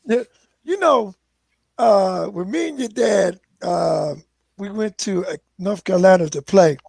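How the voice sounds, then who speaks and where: An older man from Philadelphia, a guest musician telling animated stories in casual conversation. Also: sits high, measured pace, creaky, breathy edge, no room sound. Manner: animated, acts out quoted voices. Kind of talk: casual storytelling.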